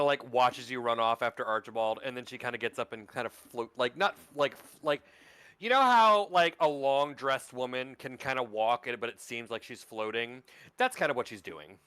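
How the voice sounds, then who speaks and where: A man's voice: medium pitch, moderate pace, pushed and bright, clean tone, dry recording. A man narrating a tabletop role-playing game as game master, rambling and full of fillers. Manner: rambling, filler-heavy, lots of "like".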